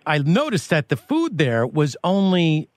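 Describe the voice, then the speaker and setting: A man's voice: fairly high pitch, huge pitch swings, measured pace, no echo, clean studio sound. A man hosting a radio interview, telling playful, teasing stories. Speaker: radio show host.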